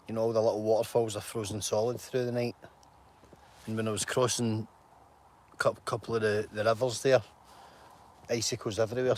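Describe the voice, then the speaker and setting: A man, hosting a casual live stream and greeting viewers by name in a rambling, chatty way, outdoors in a mountain glen on a phone. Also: mid-range voice.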